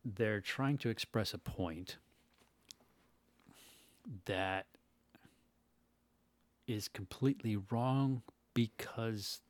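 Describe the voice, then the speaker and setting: A man with a low voice who speaks in an easygoing way. He mostly answers with short agreements and sometimes explains his own take at more length. The recording is dry and close. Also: drawn-out words, long pauses, dry recording. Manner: laid-back, brief agreeing replies. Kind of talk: casual conversation.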